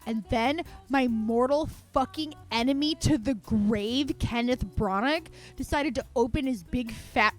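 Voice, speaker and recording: Casting: high-pitched woman streamer, fiery and foul-mouthed, with faint music underneath. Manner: profane, heated ranting. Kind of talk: live-stream movie rant.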